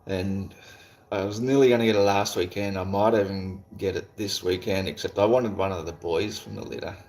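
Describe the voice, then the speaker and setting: Aussie streamer, male, laid-back rambler, deep gravelly voice, light swearing. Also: fairly even intonation, moderate pace, darkish tone. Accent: Australian. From Australia. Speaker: livestream host. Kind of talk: casual chat while reading viewer comments.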